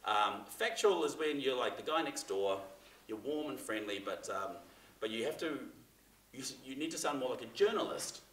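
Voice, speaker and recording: A man runs a chatty, casual seminar for a class in a theatre room, filling it with fillers and restarts. He speaks at a moderate pace in a mid-range, fairly bright voice with lively intonation, recorded from far off in a room with echo.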